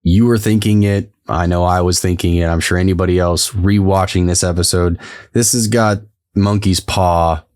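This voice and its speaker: Man, deep voice, dry close sound, casual rambling podcast chat, easy laughter. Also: fairly even intonation, moderate pace, darkish tone, dry recording. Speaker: podcast co-host. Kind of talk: casual chat recapping a TV episode.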